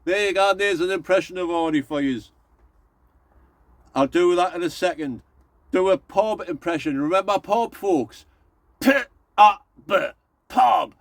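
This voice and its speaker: A man's voice: high voice, moderate pace, no room sound. A middle-aged man, chatting casually and rambling to his viewers as an allotment vlogger. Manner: rambling, folksy, addresses viewers as folks.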